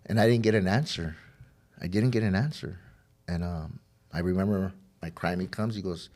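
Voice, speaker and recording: Deep-voiced man telling his recovery story. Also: moderate pace, a little mellow. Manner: rambling, repeats words, acts out quoted dialogue. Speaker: podcast guest sharing recovery story. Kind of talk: personal storytelling.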